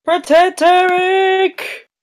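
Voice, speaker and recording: A woman's voice: very high voice, level tone, drawn-out words. A woman playing a tabletop game, cheering on and reacting to the action. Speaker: player.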